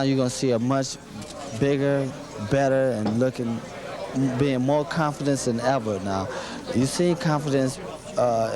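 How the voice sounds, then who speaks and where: Halting young boxer over crowd chatter. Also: male voice, medium pitch. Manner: halting, repeats himself, plain earnest talk. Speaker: boxer being interviewed. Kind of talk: press conference interview answers.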